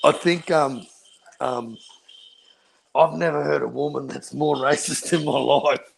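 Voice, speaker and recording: A man's voice: fairly high pitch, fairly even intonation, measured pace, creaky, slight background noise. A man on a livestream panel, talking bluntly and swearing a lot in casual chat.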